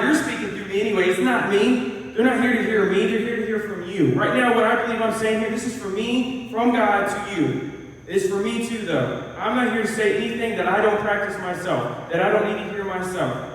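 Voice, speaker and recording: A man, a college pastor, giving an earnest, animated, conversational sermon with lively storytelling. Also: sits high. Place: church hall. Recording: echoey hall, mic far off.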